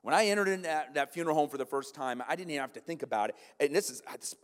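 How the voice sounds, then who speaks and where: A man preaching a sermon in a church, animated and emphatic, often turning to the congregation with asides. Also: a little high, very fast. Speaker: pastor. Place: church sanctuary. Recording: long church-hall reverb.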